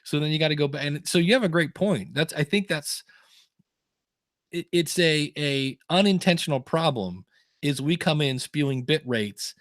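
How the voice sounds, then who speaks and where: A man's voice: on the high side, moderate pace, a bit bright, no room sound, studio quality. A man hosting a podcast in casual chat, rambling through stories and acting out quotes in funny voices. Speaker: podcast host.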